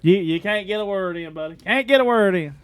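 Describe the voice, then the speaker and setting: A man's voice: high-pitched, a little fast, smooth, dry recording. A man co-hosting a podcast in casual chat, playful and teasing. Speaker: podcast co-host.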